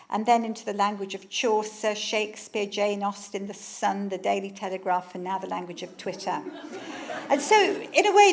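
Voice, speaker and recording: A woman author giving an informal public talk, chatty and enthusiastic, often wandering off on asides. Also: a little high.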